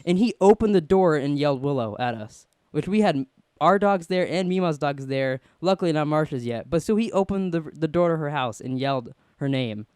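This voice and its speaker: A man hosting a podcast, telling a story in a casual, animated way and acting out the people he quotes. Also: on the high side, fairly quick, clean tone, dry recording, clean studio sound. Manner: animated, acts out quoted voices. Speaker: podcast host.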